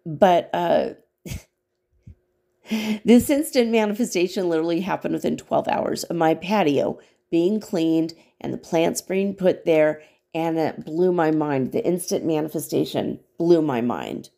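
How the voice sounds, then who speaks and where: Woman, low-pitched, gravelly fry, podcast host, rambling casual storytelling, laughs and swears. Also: measured pace, dark tone. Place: small studio apartment.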